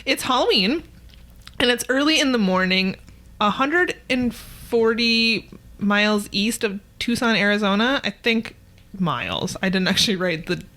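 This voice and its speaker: A woman's voice: medium pitch, lively intonation, unhurried, fairly bright tone. A woman co-hosting a podcast, recapping a TV episode in a dry, wry casual chat. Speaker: podcast co-host.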